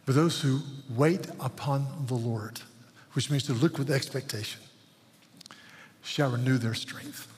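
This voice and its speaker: A man's voice: medium pitch, a little slow, darkish tone. A man preaching a sermon as pastor, earnest and pleading, often repeating words as he builds. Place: church sanctuary. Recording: long hall reverb.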